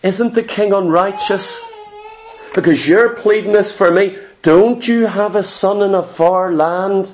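A man's voice: extremely high pitch, a little slow, a bit bright, a little hiss or hum. A man voicing a cunning old widow who pleads tearfully before a king. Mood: pleading.

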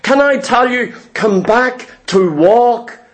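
A man's voice: very high-pitched, slow pace. A male pastor preaching a sermon, emphatic, with rhetorical questions and repeated phrases.

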